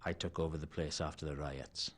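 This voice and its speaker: Surly Welsh half-elf bartender,, gruff, very deep, evasive. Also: male voice, fairly even intonation, a little fast. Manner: curt and evasive. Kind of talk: video game voice acting.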